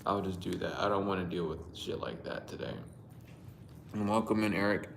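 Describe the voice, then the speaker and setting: Livestream host, male, lowish voice, rambling and profane, greets viewers, echoey room. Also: moderate pace, creaky, noisy background. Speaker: livestream host reading dreams. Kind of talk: casual livestream dream storytelling. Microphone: Bluetooth mic.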